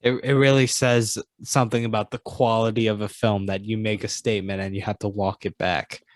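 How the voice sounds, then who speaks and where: A man's voice: on the low side, little pitch movement, fairly quick, dry recording. A man co-hosting a casual movie podcast, teasing his partner with mock-hype banter. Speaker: podcast co-host. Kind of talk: casual chat.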